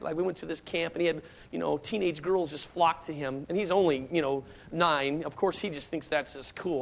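High and marked by vocal fry, this middle-aged man's voice carries a pastor's sermon full of personal anecdotes. He speaks conversationally, wandering through restarts and side remarks, and shouts out lines when acting out his stories.

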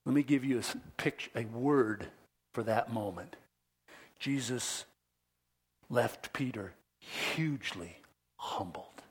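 A man pastor preaching a sermon, dramatic, dropping to whispers and rising to loud emphasis. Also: medium pitch, slow pace, pauses often, slightly rough.

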